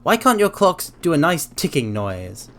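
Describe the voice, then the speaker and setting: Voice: medium pitch, sing-song, a little slow. A game streamer chatting casually while playing, rambling playfully and dropping into silly sound effects.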